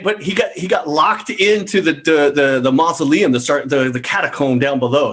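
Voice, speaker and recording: A man improvising a comedy writers' room scene, stammering and repeating words as he pitches ideas. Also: a bit bright.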